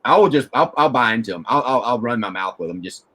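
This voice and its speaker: A man's voice: medium pitch, lively intonation, fast talker, bright, forceful tone. A man hosting a casual chat, rambling and restarting as he asks questions. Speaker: host.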